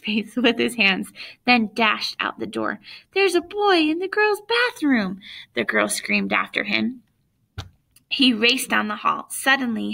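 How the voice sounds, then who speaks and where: Brief: expressive teacher reading a children's book to students, bright, forceful tone. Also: female voice, fairly high pitch, creaky. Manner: expressive, chatty asides to listeners.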